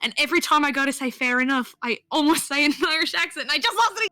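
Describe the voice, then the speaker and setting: Bright, teasing woman gamer. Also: sits high, expressive, very fast, no echo. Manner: playful, teasing and profane. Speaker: tabletop game player. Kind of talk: casual in-character banter.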